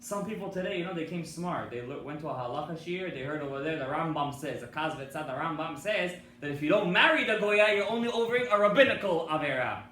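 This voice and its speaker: Bright-voiced rabbi preaching in an echoey hall. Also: male voice, a little high, lively intonation, brisk, hardly any pauses. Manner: emphatic storytelling, asks the audience questions. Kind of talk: sermon with a story. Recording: echoey hall from far off with faint noise.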